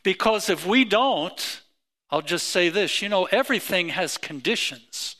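Bright-voiced, slow, emphatic male preacher. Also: expressive. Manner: emphatic preaching with rising pitch and repeated phrases. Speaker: pastor. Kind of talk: sermon.

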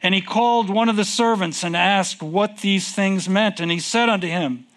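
A man preaching a sermon, reading scripture in King James wording and asking his congregation questions, with slow, drawn-out emphasis. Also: high-pitched, fairly bright tone. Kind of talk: sermon with call and response.

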